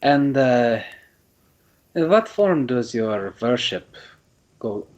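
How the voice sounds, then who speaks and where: A calm, inquisitive horned traveler, as a man puts him on. He asks his questions in a measured way, with a lively, rising and falling pitch. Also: lo-fi sound. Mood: inquiring.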